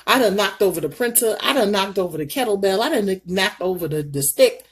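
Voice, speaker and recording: A middle-aged woman vlogging her makeup routine while telling a story in an animated, folksy way. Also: medium pitch, brisk, husky. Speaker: beauty vlogger. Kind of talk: casual makeup vlog storytelling.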